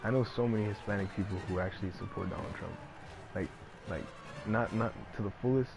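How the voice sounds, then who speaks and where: A man's voice: lowish voice, quick pace, creaky, music in the background. A man giving casual gameplay commentary, ranting in a rambling, profane way and packing his talk with filler words. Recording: noisy background.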